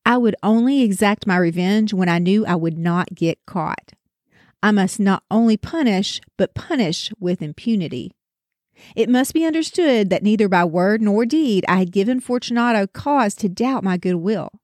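A woman retelling a classic story in a theatrical, expressive way. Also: medium pitch, normal speed, dry recording.

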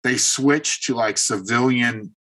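A man's voice: medium pitch, takes it slowly, bright, forceful tone, poor audio. A middle-aged man and Army veteran, a podcast guest telling long rambling anecdotes, full of fillers and restarts. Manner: rambling anecdotes with filler words and self-corrections. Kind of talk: casual storytelling.

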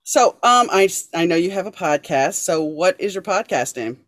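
A woman's voice: fairly low pitch, dry recording. Storytelling woman host, dry close sound. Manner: storytelling, animated when quoting, calm and measured between quotes. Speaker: podcast host. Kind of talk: casual interview conversation.

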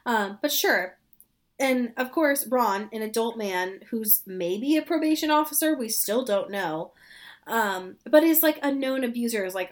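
A woman's voice: fairly high pitch, lively intonation, a little slow. A woman co-hosting a casual chat that recaps a TV show, sarcastic and exasperated, swearing freely. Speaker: podcast co-host.

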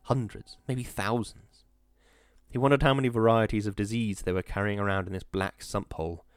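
Man, audiobook narrator, low pitch, smooth resonant voice, dry close sound. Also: fairly even intonation, no room sound. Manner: measured, atmospheric storytelling.

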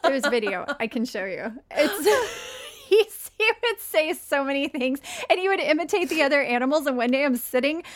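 A woman co-hosting a podcast, chatting casually and telling lively stories, sometimes mimicking animals. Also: fairly quick, few pauses. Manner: animated storyteller, mimics animals in high squeaky voices. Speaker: podcast co-host. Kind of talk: casual chat.

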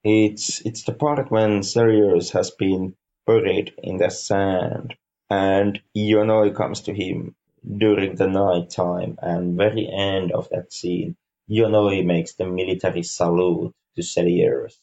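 A man co-hosting a podcast, reviewing a film in casual chat, halting and repeating words, with dry dark humor. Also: sits low, flat delivery, creaky, highs cut off. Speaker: podcast co-host.

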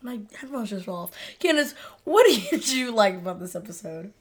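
A woman's voice: mid-range voice, very animated, normal speed, breathy edge. Giggly woman podcast co-host. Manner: giggly, agreeable. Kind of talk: casual chat.

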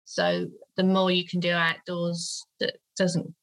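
A woman's voice: fairly low pitch, flat delivery, slow pace, fairly bright tone, low-quality recording. A woman in her thirties, a guest in an interview, talking hesitantly with many fillers. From United Kingdom. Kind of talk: conversational interview.

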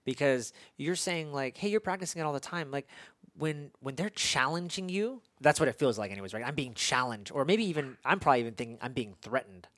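A man in his thirties hosts the conversation, talking in an earnest, rambling way with frequent restarts. His voice sits at a middle pitch. The sound is dry, with no room echo. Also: lively intonation, a little fast, a bit bright. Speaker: podcast host and father. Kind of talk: conversational interview.

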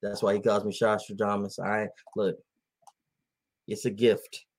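A man's voice: lowish voice, measured pace. Laughing man telling a sports story. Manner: laughing often, animated storytelling. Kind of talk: casual chat.

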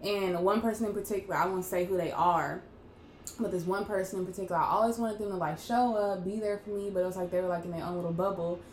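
A young woman co-hosting a podcast, chatting casually and acting out quoted lines with loud, laughing bursts. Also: mid-range voice, fast. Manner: animated storyteller, acts out quotes loudly with laughter. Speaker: podcast co-host. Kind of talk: casual chat. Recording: echoey room with faint background noise.

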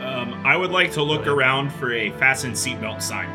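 A man's voice: medium pitch, lively intonation, normal speed, music in the background. A man playing a tabletop game, joking in a wry, playful way. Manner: jokey, wry. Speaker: player. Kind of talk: casual tabletop play.

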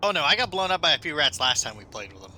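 Bright, lively man playing a tabletop game. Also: on the high side, racing, slight background noise. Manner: jokey, excitable in-character banter. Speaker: player. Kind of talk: tabletop game play chat.

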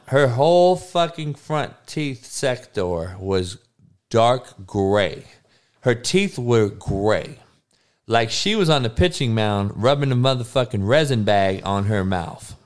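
Profane man ranting with a lively voice. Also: medium pitch, smooth. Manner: crude, heated, swears constantly. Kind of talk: profane casual rant.

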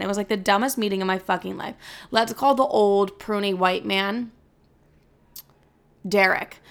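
A woman's voice: mid-range voice, creaky, fairly bright tone. A young adult woman telling a story to the camera in a casual rant, blunt and swearing a lot. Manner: blunt, heavy swearing, fired-up. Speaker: storyteller vlogger.

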